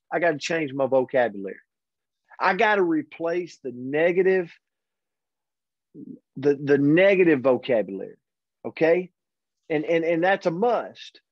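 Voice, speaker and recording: A man hosting a daily motivational pep talk, earnest and energetic, speaking directly to his audience. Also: a little high, no room sound. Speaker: host and motivational coach. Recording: dull, lo-fi dry recording.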